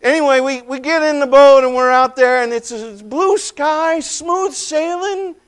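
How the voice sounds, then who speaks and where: A male preacher retelling a story in the first person, swinging between loud outbursts and hushed, quiet lines. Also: very high voice, measured pace. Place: church.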